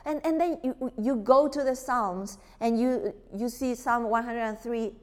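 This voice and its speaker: Woman lecturer, fairly high voice, lively church teaching, long hall reverb. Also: a little slow. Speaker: worship teacher.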